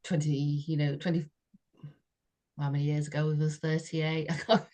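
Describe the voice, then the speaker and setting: A woman's voice: low-pitched, level tone, unhurried, pauses often, a little mellow. A woman, a podcast co-host telling a personal story in a chatty way, often laughing and saying "you know". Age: 60s.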